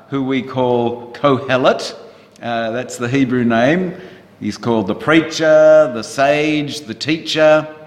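A man preaching a sermon in church, chatting with the congregation and asking them questions in a conversational way. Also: fairly high pitch. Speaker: pastor. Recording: roomy church hall reverb.

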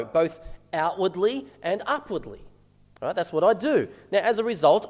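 A man's voice: high voice, a little mellow. Conversational male preacher in a reverberant hall. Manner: conversational preaching with rhetorical questions. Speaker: minister. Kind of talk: sermon.

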